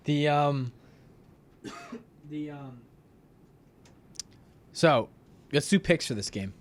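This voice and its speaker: A man's voice: fairly high pitch, drawn-out words. A young man hosting a casual sports talk show, teasing his co-hosts as he runs through game picks. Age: young adult. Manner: animated, teasing. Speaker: host.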